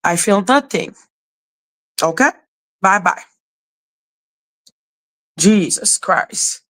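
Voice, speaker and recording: A woman with a mid-range, fairly bright voice hosts a live stream, speaking very slowly and expressively. She scolds her chat in a confrontational way.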